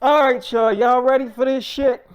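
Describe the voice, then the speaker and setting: A loud, hyped online fan raves in profane, repetitive bursts. The voice rides noticeably higher and louder than the teller's own, a man putting on the fan. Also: moderate pace, clean tone. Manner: excited, profane, repeats itself.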